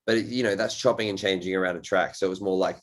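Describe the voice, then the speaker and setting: A man hosting a podcast talks in a loose, rambling stream with an easy, offhand swear here and there. His voice sits somewhat low. It is casual chat among friends. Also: steady tone, rapid-fire. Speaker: podcast host.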